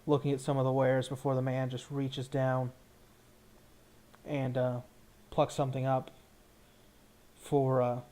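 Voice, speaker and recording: A man's voice: mid-range voice, completely flat delivery, measured pace, long pauses, warm tone. A man narrating as game master, describing scenes in a loose, rambling way with many restarts.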